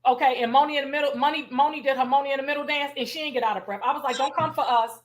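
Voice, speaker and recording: A woman hosting an interview show, chatting casually and eagerly, with slangy phrasing and lively storytelling. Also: high voice, racing. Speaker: host. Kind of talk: casual chat.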